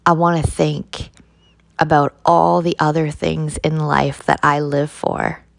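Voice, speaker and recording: A woman's voice: sits low, little pitch movement, slow, creaky, no room sound. A woman giving an intense, heavily profane motivational monologue, often adding a rhetorical "right?" for her audience. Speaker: vlogger.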